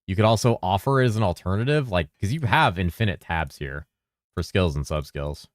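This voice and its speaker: Low-voiced rambling streamer man. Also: lively intonation, brisk, no echo, studio quality. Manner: loose and rambling, swears freely, mumbles at times. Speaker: game streamer. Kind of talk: casual live-stream chat.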